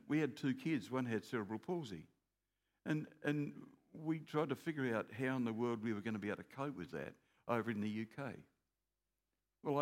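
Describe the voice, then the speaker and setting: An older man, preaching a sermon in an earnest, repetitive way that builds in emphasis. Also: medium pitch. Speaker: pastor.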